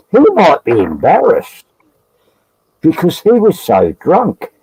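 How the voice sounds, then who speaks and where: A man's voice: sits high, dark tone, slightly rough, no echo, rough recording. A man with an Australian accent, chatting as a guest on a live stream, rambling and joking with frequent laughs. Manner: rambling, jokey, laughs often. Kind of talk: casual live stream banter.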